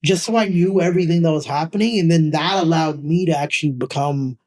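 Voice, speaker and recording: Animated Canadian man, fairly high voice. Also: fairly quick. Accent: Canadian English. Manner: animated, emphatic, rising pitch when making a point. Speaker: actor guest. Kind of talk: casual interview chat.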